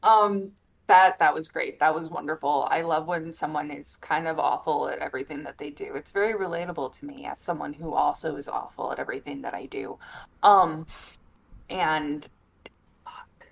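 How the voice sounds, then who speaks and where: A tired woman chatting casually as a podcast guest, rambling excitably and swearing freely. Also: low-pitched, normal speed, creaky. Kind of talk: casual chat. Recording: dull lo-fi mic.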